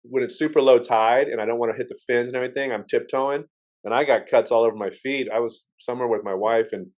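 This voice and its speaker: A podcast host tells stories in casual chat, rambling, restarting often and swearing now and then. He talks fast in a medium-pitched, darkish voice with fairly even intonation, and the audio is poor.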